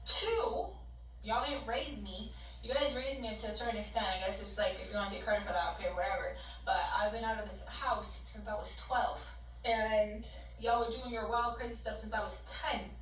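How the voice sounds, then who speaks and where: A woman's voice: a little high, brisk, reverberant, recorded from a distance, low-quality recording. A young woman telling a heated storytime monologue, emphatic and ranting, heard as a video played back in the room. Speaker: storytime YouTuber.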